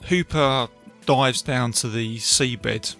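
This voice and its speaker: Gravelly, bright-voiced man chatting about films. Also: medium pitch, slow pace, soft background music. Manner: chatty, retelling scenes with many fillers. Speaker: podcast host, film reviewer. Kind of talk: casual solo film review. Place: beach outdoors.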